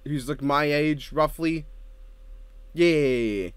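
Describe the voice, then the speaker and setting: A man's voice: fairly high pitch, extremely slow, smooth, no room sound. A man chatting casually as a co-host, joking, swearing freely and laughing often. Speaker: co-host ranking show intros. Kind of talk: casual podcast chat.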